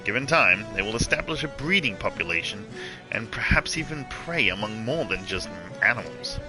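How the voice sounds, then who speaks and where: A man voicing a stern, dutiful guard officer in a formal, measured way. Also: fairly low pitch, lively intonation, over music, natural voice, low-quality recording. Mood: grave. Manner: formal, measured reading of quest dialogue.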